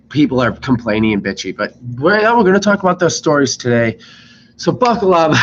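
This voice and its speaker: A man's voice: mid-range voice, a bit bright, highs cut off, a little hiss or hum. A young man telling rambling work stories in a casual vlog, swearing freely and acting out rude customers. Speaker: vlogger. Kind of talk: casual storytelling.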